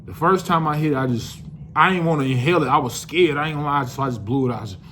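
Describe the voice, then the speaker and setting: Young male vlogger, slightly high voice, loose profane storyteller, faint background hum. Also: racing. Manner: loose, profane, animated storytelling with many restarts. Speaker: vlogger telling a personal story. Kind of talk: casual storytime monologue.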